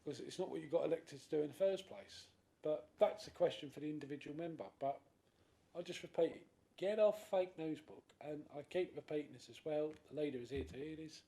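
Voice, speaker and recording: Animated councillor in debate. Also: male voice, fairly high pitch, brisk. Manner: animated, acts out quoted voices. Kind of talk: committee debate speech. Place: council chamber.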